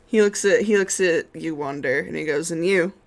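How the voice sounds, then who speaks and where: Streaming a tabletop game, a game master narrates the scene hesitantly, full of filler words and restarts. The voice is medium in pitch with vocal fry, at a normal speed.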